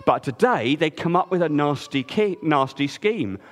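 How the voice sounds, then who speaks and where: A man's voice: a little high, normal speed. Playful male storyteller in a large hall. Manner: expressive, playful, asks listeners to join in. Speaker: children's storyteller. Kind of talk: animated storytelling with audience participation. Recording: reverberant hall.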